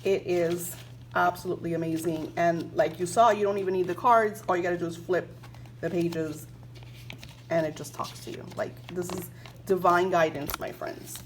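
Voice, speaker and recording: A woman talking to her viewers about her spiritual practice in a casual, gushing way, full of fillers. She gets emotional easily and reads book passages aloud in the same warm, chatty voice. A faint hiss sits under the recording. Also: fairly low pitch, fairly even intonation, moderate pace, rough recording. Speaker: spiritual vlogger.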